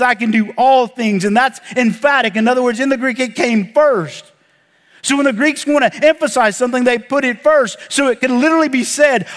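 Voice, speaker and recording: Guy preaching a sermon, pretty high voice, big echoey church hall, swings loud then drops quiet. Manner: emphatic, animated preaching with dramatic drops to a low hush. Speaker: pastor. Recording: long hall reverb.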